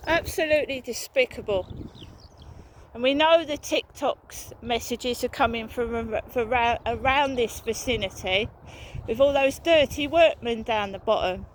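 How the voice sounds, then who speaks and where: A woman with a high voice rants angrily and swears freely while out walking. She is recorded outdoors, and clear traffic and rural sounds carry behind her. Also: measured pace. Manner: angry, profane ranting. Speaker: vlogger. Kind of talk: walking vlog rant. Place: outdoors on a walk. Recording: outdoor background noise.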